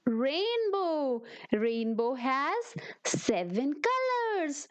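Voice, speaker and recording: A woman with a very high, lively voice gives a phonics lesson to small children. She goes very slowly and says each letter sound and word twice in a patient drill. Her voice rises and falls a lot. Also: muffled recording. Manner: slow, repetitive, sound-then-word drilling; speaks to young children. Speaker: preschool teacher.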